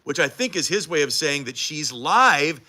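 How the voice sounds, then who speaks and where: Brief: male TV morning anchor, jokey and teasing, a touch high, very animated. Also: normal speed. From United States. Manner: joking, playful, teasing. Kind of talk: casual behind-the-scenes banter.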